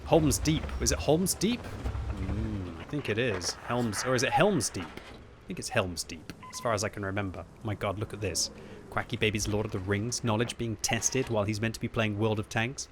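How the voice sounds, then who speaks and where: A man giving live gameplay commentary at home, thinking aloud and breaking into loud frustrated yelling. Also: lowish voice, normal speed. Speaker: gaming video host. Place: upstairs room at home. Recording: steady game noise behind the voice.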